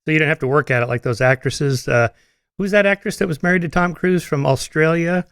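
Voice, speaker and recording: Male podcast host, casual and curious, smooth resonant voice, dry close sound. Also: a little high, brisk, a bit bright, dry recording. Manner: casual, curious questions with short affirmations. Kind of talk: conversational interview.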